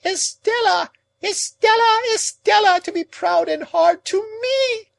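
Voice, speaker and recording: A man doing a shrill, wailing old woman. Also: very animated, slow, no echo, full character voice, low-quality recording. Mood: shrieking. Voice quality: shrill, quavering, moaning. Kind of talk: audiobook character reading.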